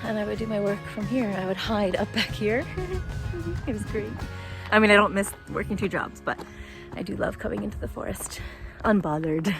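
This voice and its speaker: A woman's voice: medium pitch, steady tone, fairly quick, over music. A woman in her forties with an American accent, chatting casually in a vlog and laughing often. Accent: American, New Jersey. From United States. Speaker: vlogger.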